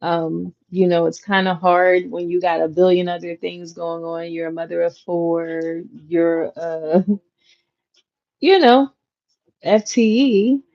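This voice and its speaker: A woman in her thirties who hosts her own channel chats casually with her viewers, using relaxed slang and plenty of filler words. Her voice is slightly low and unhurried, the lo-fi recording sounds dull, and a clacking noise runs in the background.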